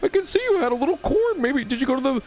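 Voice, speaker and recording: A sentient cartoonish toilet coos in a shrill falsetto, far above his usual voice. It fawns and pries, sing-song and nosy, with swoops up and down. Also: sing-song, fast, darkish tone. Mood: cooing. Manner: fawning, high cooing falsetto.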